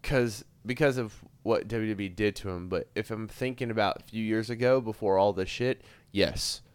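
Swearing, animated man with a smooth voice. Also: fairly low pitch, moderate pace, dry recording. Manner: animated, swears freely, laughs easily. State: hiccuping. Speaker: podcast co-host. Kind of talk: casual wrestling chat.

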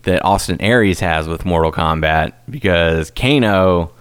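A man's voice: deep voice, unhurried, smooth. A man in his thirties co-hosting a podcast in casual chat, laid-back and easygoing. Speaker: podcast co-host.

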